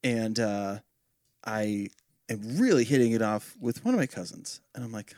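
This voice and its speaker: Male comic co-host, very animated delivery, dry close mic. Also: a little slow, no echo. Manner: storytelling, joking, very animated pitch. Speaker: podcast co-host, comedian. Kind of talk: casual comedy podcast banter.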